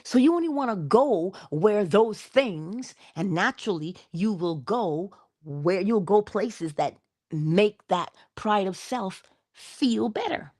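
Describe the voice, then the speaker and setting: A woman's voice: medium pitch, animated, slow pace, darkish tone. A woman speaks in a mid-range voice, giving a morning inspirational talk. Her delivery is conversational and playful as she coaches the listener directly. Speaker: motivational speaker.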